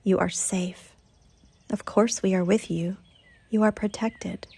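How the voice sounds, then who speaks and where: A woman voicing a group of calm, reassuring spirit beings in a soothing, measured way. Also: lowish voice, vocal fry, breathy edge, exaggerated voice.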